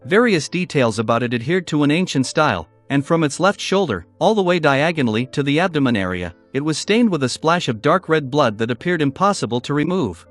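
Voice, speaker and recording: A man narrating a fantasy novel in an even, unhurried reading. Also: a little high, faint music behind.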